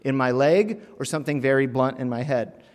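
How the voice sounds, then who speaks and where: A man preaching a sermon and telling a humorous personal story, animated, with sudden loud, emphatic bursts and quiet drops. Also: medium pitch, a little fast. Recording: long hall reverb.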